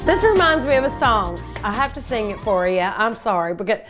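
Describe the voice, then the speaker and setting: A woman's voice: on the high side, very animated, brisk, music in the background. An older woman hosting a cooking show, chatting and gushing enthusiastically while she eats. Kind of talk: casual cooking show talk.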